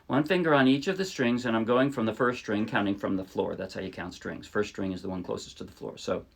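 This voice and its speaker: A man's voice: on the low side, fast talker, gravelly, loud music behind the voice. Chatty man teaching ukulele over strumming. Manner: chatty, friendly explaining with small self-corrections. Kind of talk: casual music tutorial. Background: his own ukulele playing.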